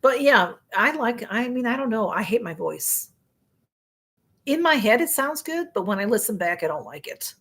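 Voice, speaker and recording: Woman, middle-aged, Chicago accent, rambling casual chat, husky voice. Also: fairly high pitch, sing-song, moderate pace, fairly bright tone. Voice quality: rambling, chatty, with frequent fillers and restarts. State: voice getting hoarse. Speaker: live-stream host. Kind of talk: casual chat reading viewer comments.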